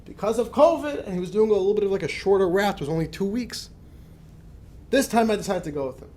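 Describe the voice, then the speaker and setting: A man, a rabbi, telling a personal story in a lively, conversational lecture with frequent restarts. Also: sits high, fast. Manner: animated anecdotal storytelling with many restarts.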